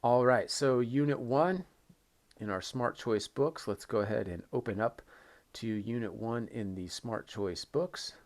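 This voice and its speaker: A man's voice: mid-range voice, a little slow, a little mellow. A man teaching a recorded English lesson, patient and repeating key phrases with emphasis.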